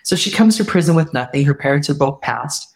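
A woman's voice: deep voice, expressive, fairly quick. Earnest woman telling a heartfelt story. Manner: earnest, heartfelt retelling with quoted dialogue; warm spiritual reflection. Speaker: podcast guest. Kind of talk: personal storytelling interview.

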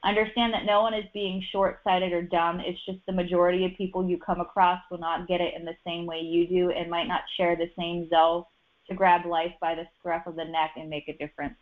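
A woman's voice: fairly low pitch, little pitch movement, fairly quick. Chatty woman giving a casual reading. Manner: chatty, lots of "like" and restarts. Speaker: human design reader. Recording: dull lo-fi sound.

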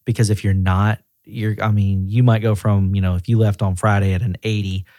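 A man who directs a group of auto repair shops, talking as a guest in a casual podcast conversation. He speaks in a relaxed, conversational way. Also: on the low side, fairly quick, dry recording, clean studio sound. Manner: relaxed and conversational, often acting out quoted voices.

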